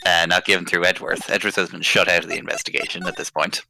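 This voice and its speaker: A man with a fairly deep but bright, forward voice talks through a game in a relaxed group stream chat. He is on a headset mic and happily goes on at length while recapping what happened. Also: racing, gravelly, rough recording. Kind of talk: casual gaming chat.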